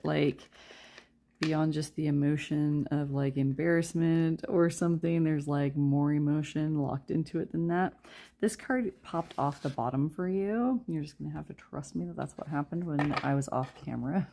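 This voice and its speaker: A young woman giving a casual tarot reading, chatty and quick to laugh as she talks straight to her viewers. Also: low-pitched, warm tone. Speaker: tarot reader.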